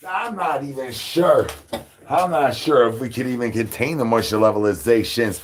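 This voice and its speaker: Husky man rattling off rhyming nonsense. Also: medium pitch. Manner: rapid rhyming nonsense banter. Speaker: livestream host. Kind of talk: live stream chatter.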